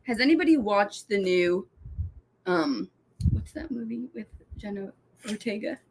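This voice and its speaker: A young woman co-hosting a book club livestream, chatting casually in a relaxed, laid-back way with short replies. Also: mid-range voice, a little slow, husky.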